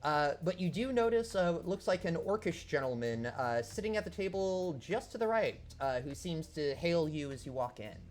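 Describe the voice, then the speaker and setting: A man's voice: fairly high pitch, animated, normal speed, few pauses. Guy running a tabletop game, ums and likes everywhere. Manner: rambling, lots of fillers. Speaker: game master.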